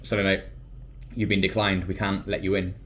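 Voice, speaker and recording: A man voicing a blunt adult male nightclub bouncer in a put-on Irish accent, with flat, firm refusals. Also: low voice, normal speed.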